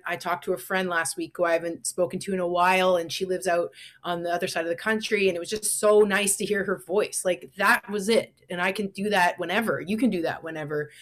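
Chatty, encouraging woman giving advice. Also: fairly low pitch. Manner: chatty and encouraging, with frequent "like" fillers. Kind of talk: casual conversation.

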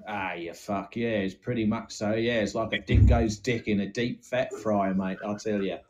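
A man's voice: lowish voice, steady tone, normal speed, darkish tone, natural voice, low-quality recording. A man doing an Australian gold prospector in an improvised comedy sketch, with rambling, crude, swear-heavy banter. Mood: boasting banter. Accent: Australian, put on. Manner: rambling, swearing, crude comparisons ending in "mate". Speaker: podcast co-host.

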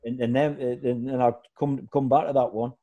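A man's voice: medium pitch, brisk, lo-fi sound. A man telling football stories in casual chat, acting out other people's voices. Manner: animated anecdotes, acts out shouting voices. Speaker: former footballer guest.

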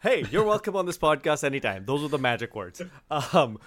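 A man's voice: a little high, very animated, fairly quick, a bit bright. Man from India, podcast host, loose and jokey. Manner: playful, self-deprecating, asks questions. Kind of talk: casual podcast chat.

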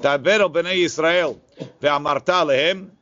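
A man teaching a Talmud class, reading the source text quickly and then explaining it in a casual way. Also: fairly high pitch, a bit bright. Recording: lo-fi, muffled recording.

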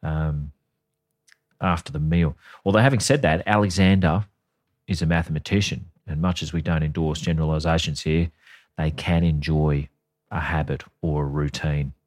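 A man's voice: rumbling low, steady tone, normal speed, no echo, clean studio sound. A man hosting a casual comedy podcast, sweary and sardonic as he tells a story. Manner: sweary, sardonic storytelling, reading quotes aloud. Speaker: podcast co-host.

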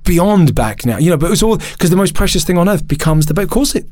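A man, a podcast guest, telling a candid personal story in an animated, emotional way, often restarting and laughing at himself. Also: on the high side, fast, no room sound.

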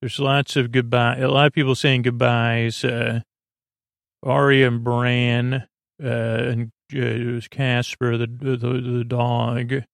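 A man with a gravelly, creaky voice hosts a sleep-aid podcast, wandering through an episode recap as he thinks aloud. His delivery is hesitant and meandering, with barely any rise and fall in pitch. The recording is dry and close, with no room sound around him. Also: level tone, slow pace, no room sound. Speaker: podcast host.

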